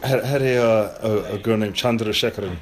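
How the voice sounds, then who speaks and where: A man's voice: fairly low pitch, fairly even intonation, fast. A man from the Bronx hosting a podcast, cracking profane jokes and laughing a lot while teasing his guests. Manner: teasing, crude, laughs often. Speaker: podcast host. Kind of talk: loose, profane comedy banter.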